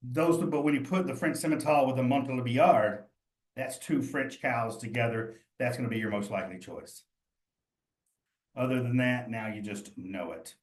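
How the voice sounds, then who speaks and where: A man's voice: mid-range voice, moderate pace. Male instructor, chatty and encouraging, mid-range voice, roomy echo. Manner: chatty, addresses students directly, thinks aloud. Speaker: cheese instructor. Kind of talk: live online study session.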